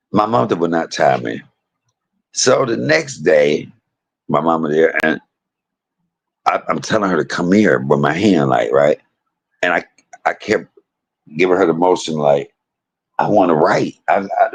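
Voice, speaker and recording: A man, casually telling a personal story to his viewers, animated, laughing often and swearing freely. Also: sits low, a little slow, creaky, long pauses, husky, poor audio.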